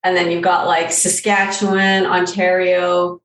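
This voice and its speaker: A woman, a life coach, chatting as a guest in a relaxed way, full of fillers and quick laughs. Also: lowish voice. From Canada. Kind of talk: casual conversation. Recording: roomy echo, distant from mic.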